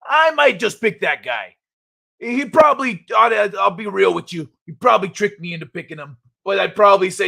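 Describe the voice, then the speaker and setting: A man hosting a live stream, chatting casually and reading viewer comments in a jokey, animated way, laughing often. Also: high-pitched, moderate pace, creaky.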